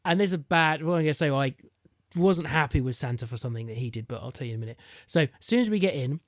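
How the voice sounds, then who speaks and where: A man co-hosting a casual podcast, telling a lively story about his child and acting out the voices. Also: fairly high pitch, fast talker, dry recording, clean studio sound. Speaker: podcast co-host. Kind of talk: casual chat.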